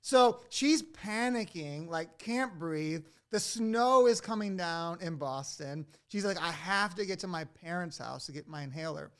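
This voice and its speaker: A man hosting a podcast who tells a personal story in casual conversation. He is animated, laughs often and fills his speech with "like". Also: high-pitched, measured pace, hardly any pauses, clean tone.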